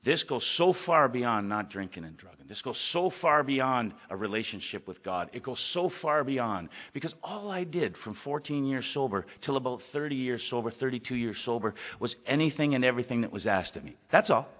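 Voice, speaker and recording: A man's voice: medium pitch, animated, moderate pace, hardly any pauses, fairly bright tone. A middle-aged man giving a candid, rambling personal talk at a recovery meeting, often repeating his words. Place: meeting hall. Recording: lo-fi hall recording.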